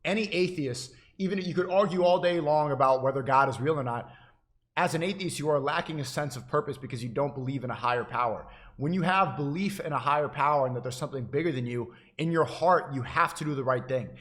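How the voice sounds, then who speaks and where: A man's voice: fairly high pitch, quick pace, fairly bright tone. A man livestreaming, giving an insistent, preachy monologue to his chat, often repeating and restarting his phrases.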